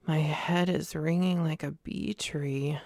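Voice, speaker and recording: A cocky little man-cub, put on by a woman in a slow, gravelly whispered role-play. The voice lifts higher and sounds a touch back from the mic. The delivery is unhurried and cheeky. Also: fairly even intonation, darkish tone, no room sound, studio quality, heavily acted. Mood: sullen. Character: boastful young male man-cub, cheeky and proud. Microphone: close studio mic, dry.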